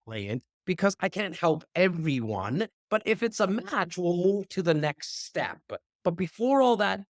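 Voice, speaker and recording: A man speaking as a podcast guest in a casual, animated conversation, often repeating words as he talks. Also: sits high, moderate pace, few pauses, no echo, studio quality. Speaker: real estate investor and speaker. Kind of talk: casual interview chat.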